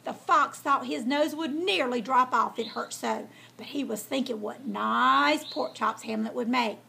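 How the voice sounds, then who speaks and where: A woman's voice: sits high, measured pace, gravelly, breathy edge. Folksy woman reading a storybook. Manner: folksy and lively. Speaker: storyteller host.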